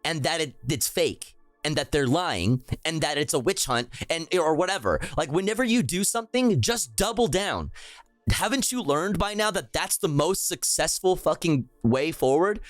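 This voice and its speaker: A man's voice: a little high, animated, normal speed, no echo, soft background music. A young man streaming live, ranting about politics in a profane, exasperated way, with lots of repetition.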